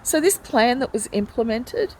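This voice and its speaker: A woman's voice: a little high, lively intonation, moderate pace, slight background noise, rough recording. A woman speaking in a personal video diary from a hospital ward, retelling in a distressed, pleading way how she has been treated. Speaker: hospital patient vlogger.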